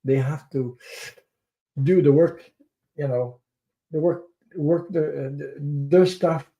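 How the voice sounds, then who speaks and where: Middle-aged guy doing a tarot livestream, rambly and laughy, mellow low-key voice, curses here and there. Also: slow pace, highs cut off. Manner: rambling, laughs often, swears casually. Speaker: tarot reader and livestream host. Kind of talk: casual livestream chat.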